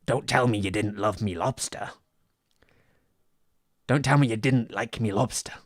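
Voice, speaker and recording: A man's voice: fairly low pitch, unhurried, no room sound, studio quality, close to an everyday voice. A man putting on an intense old sailor voice with a West Country twang. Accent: put-on West Country sailor.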